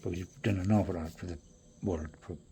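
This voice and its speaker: A man in a rambling, profane monologue that swings between loud outbursts and low mutters. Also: steady tone, brisk, slight background noise.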